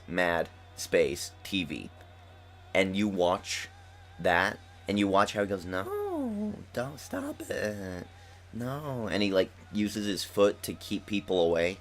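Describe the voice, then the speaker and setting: At home, a man with a low voice, freshly awake, gives casual, chatty commentary while playing a game. He rambles along like an eager fan.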